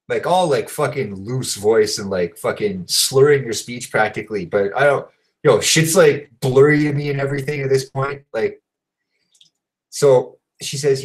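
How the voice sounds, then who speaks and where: A man's voice: medium pitch, moderate pace, poor audio. A man hosting a show, telling a story in a casual, rambling way, swearing often and filling gaps with "like" and "you know". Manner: profane, rambling, heavy fillers. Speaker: show host.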